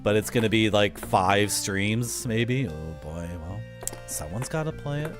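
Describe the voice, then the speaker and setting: A man's voice: lowish voice, unhurried, music in the background. A man streaming a video game and chatting casually, with wry asides to his viewers. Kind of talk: casual gameplay commentary.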